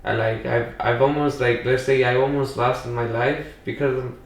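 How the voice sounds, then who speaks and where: A young adult man from Pacoima, Los Angeles, guests on a podcast and tells a rambling story packed with "you know" and "like." His mid-range voice is gravelly, with a steady tone and moderate pace. The room echoes and the mic sits far away.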